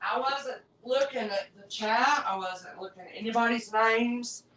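A woman's voice: on the high side, fairly even intonation, a little slow, fairly bright tone, rough recording. A woman, chatting heartfelt and openly to her live-stream viewers as a jewelry seller.

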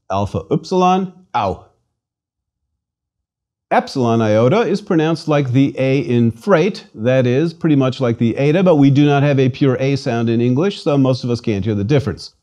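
This studio clip features a man with a warm, mid-range voice. He's a language lecturer giving a scripted pronunciation lesson, patient as he repeats words for the listener to drill.

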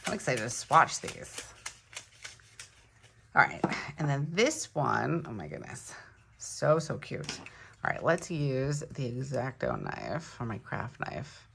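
Female vlogger, low voice with lively swoops, gushy and excitable, casual unboxing chat at home. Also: slow pace, vocal fry, slight background noise. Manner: excitable, gushing, thinks aloud. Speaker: planner vlogger. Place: home room.

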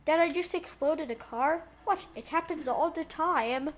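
A woman giving casual gameplay commentary, giggling, getting excited and talking to the characters on screen. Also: high voice, a little slow. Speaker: let's play gamer.

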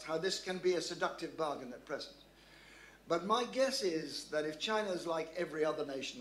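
Man, slightly high voice, guest speaker at a club talk, halting anecdotal delivery, echoey room. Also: fairly bright tone, slight background noise. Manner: anecdotal, thoughtful, with frequent restarts and ums. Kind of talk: public lecture Q&A answer. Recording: roomy hall echo.

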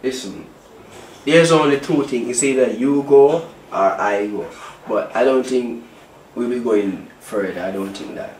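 An actor with a Jamaican accent playing a hurt, accusing husband, pleading and repeating himself. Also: male voice, medium pitch, unhurried, a little mellow, close to an everyday voice. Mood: resigned. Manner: pleading, repetitive, rising questions. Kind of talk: low-budget film acting. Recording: echoey room, faint hiss.

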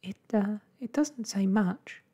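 A man's voice: high voice, slow, voice pushed up, heavily acted. A man doing a timid young borrower girl. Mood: hesitant. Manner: hesitant, soft and breathy. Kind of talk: soft-spoken ASMR reading.

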